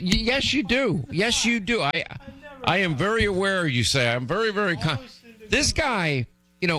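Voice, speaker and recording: A middle-aged man hosting a radio show, telling rambling comic stories and teasing his co-host. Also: no room sound. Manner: animated, teasing, jumps up in pitch for exasperated asides. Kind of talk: rambling comic storytelling on air.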